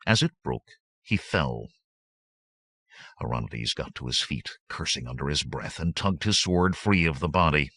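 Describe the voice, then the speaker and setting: A man's voice: very deep voice, animated, unhurried, bright, forceful tone, no room sound, studio quality. A man narrating an adventure audiobook in a dramatic, vivid manner. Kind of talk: scripted narration.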